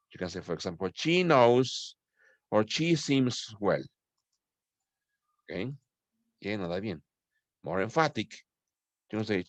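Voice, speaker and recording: A man's voice: mid-range voice, dry recording. A man teaching a classroom grammar lesson. He explains patiently, checks in with his students with frequent "okay?", and switches into Spanish to address them. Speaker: English teacher.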